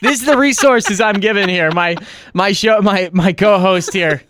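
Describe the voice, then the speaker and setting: A man hosting a sports talk radio show, bantering fast and teasing his co-host. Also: high voice, background noise. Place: radio studio.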